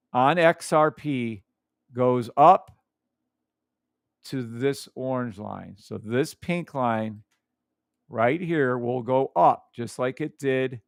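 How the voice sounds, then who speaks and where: A man's voice: mid-range voice, gravelly, dry recording, clean studio sound. A man hosting a live trading stream, explaining charts in a hyped, teasing chat with his viewers and humming along.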